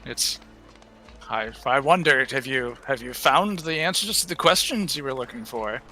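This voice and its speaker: A man voicing an elderly, gentle and worried temple priest who talks haltingly, with many restarts and sighs. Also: mid-range voice, expressive. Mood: fatherly, concerned. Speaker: game master. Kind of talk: in-character tabletop roleplay.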